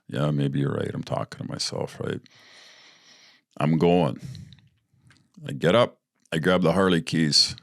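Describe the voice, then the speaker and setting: A man's voice: rumbling low, steady tone, a little slow, vocal fry, pauses often, a bit bright, dry recording, studio quality. A man hosting a podcast, telling personal stories in a casual, blunt, profane way and laughing as he goes. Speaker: podcast host. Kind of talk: casual storytelling.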